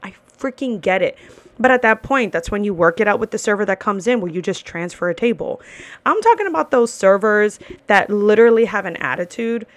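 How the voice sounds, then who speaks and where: A woman's voice: mid-range voice, lively intonation, a little fast, no room sound. A woman hosting a podcast in a casual ranting monologue, blunt, swearing freely and repeating herself for emphasis. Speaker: podcast host.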